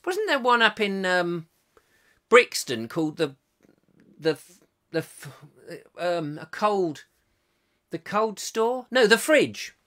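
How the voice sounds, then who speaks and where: Chatty english guy with a bright higher voice, rambling jokey host reading comments. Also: sing-song, slow pace, pauses often. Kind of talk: comic live chat reading viewer comments.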